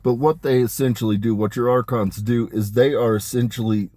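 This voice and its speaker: A man talking in a rambling, emphatic monologue about spiritual matters, dropping his voice low on asides. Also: steady tone, a little fast, warm tone, dry recording. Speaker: spiritual channeler. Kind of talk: casual spoken monologue.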